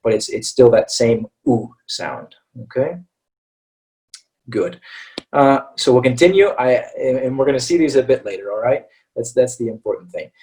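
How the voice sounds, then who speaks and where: A man's voice: medium pitch, expressive, normal speed, warm tone, distant mic, rough recording. A man teaching English pronunciation in an online webinar, patiently checking in with his class after nearly every point. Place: online video-call webinar.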